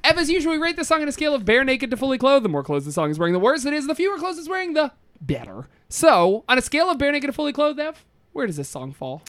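A woman co-hosting a comedy podcast, running the segments with quick deadpan quips. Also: high voice. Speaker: podcast co-host. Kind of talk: casual comedic banter.

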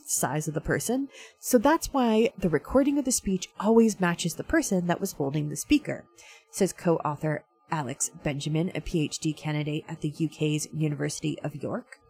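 A woman with a low, gravelly voice and a husky edge talks through a science story in a casual, chatty way. She fills her sentences with ums and asides like an enthusiastic science fan. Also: darkish tone. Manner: chatty, many fillers, self-described science dork. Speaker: host. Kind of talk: casual science news talk.

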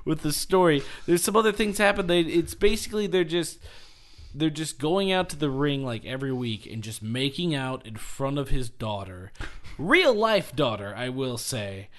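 A man's voice: fairly high pitch, animated, moderate pace, a bit bright. A man co-hosting a casual comedy podcast, retelling wrestling storylines in a loose, rambling storytelling way and acting out the lines of the people in them. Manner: storytelling, retelling wrestling plots with quoted voices. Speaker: podcast co-host.

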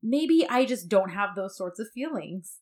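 A woman voicing a young female drama heroine, halting and stumbling over her words. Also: medium pitch, animated, a little mellow, lightly acted. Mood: flustered.

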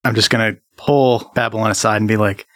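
A man's voice: on the low side, steady tone, brisk, a bit bright. A man playing a tabletop game, asking quizzical questions and laughing easily. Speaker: player. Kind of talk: casual tabletop play.

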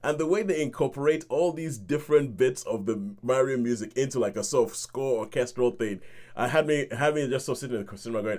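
A man's voice: medium pitch, fairly quick, a little mellow. A man hosting a film review podcast, chatting casually, laughing often and acting out his own reactions. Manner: chatty, laughing, acts out reactions and hums tunes.

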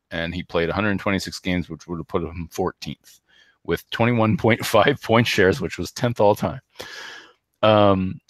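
A man co-hosting a casual hockey podcast, rambling with lots of fillers and restarts, and rattling off stats quickly. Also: sits low, no room sound. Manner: reads stats in a quick, flat run. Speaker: podcast co-host.

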